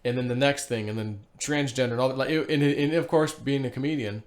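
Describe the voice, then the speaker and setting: A man in the middle of his range talks straight to his audience and wanders from thought to thought. He reads posts out loud and trails off into fillers. Every so often he chuckles to himself. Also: medium pitch, a little fast. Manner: rambling, animated, laughs to himself, frequent fillers. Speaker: vlogger. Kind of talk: casual solo commentary reading social posts aloud.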